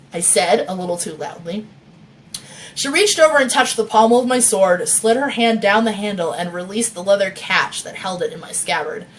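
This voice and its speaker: A woman author reading her novel aloud and chatting with viewers, laughing often and swearing freely, on a phone mic. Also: mid-range voice.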